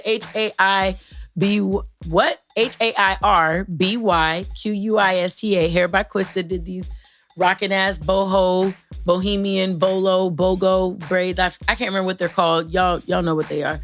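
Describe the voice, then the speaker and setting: A woman hosting her own show, chatting to listeners in a playful, rambling way with fillers and shout-outs. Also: mid-range voice, fairly even intonation, measured pace, faint music behind. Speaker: podcast host. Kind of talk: casual solo chat to listeners.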